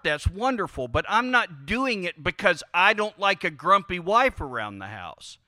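High, bright-voiced male preacher. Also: no room sound, clean studio sound. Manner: conversational, prods the congregation with questions. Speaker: pastor. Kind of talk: sermon.

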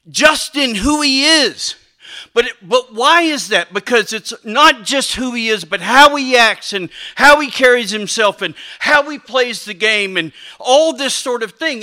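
A man preaching a sermon, animated and emphatic, with frequent restarts and asides. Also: extremely high pitch, slow.

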